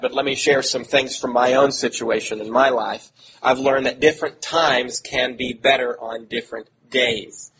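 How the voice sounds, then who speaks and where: A middle-aged man preaching a sermon in an earnest, conversational way, with self-deprecating asides. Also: medium pitch. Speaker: pastor. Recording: audible background noise.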